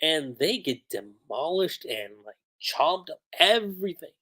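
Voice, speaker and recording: A livestream host recapping manga chapters in a casual, excited way, chatty with frequent laughs and lots of "like" fillers. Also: medium pitch, a little slow.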